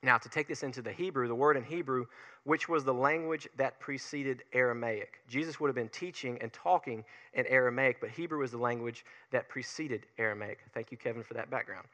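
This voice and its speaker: A man with a Southern US accent preaching a sermon in an energetic, folksy way, picking up speed as he gets fired up. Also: medium pitch, a little fast, big-room sound. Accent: Southern US, Alabama Gulf Coast. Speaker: pastor.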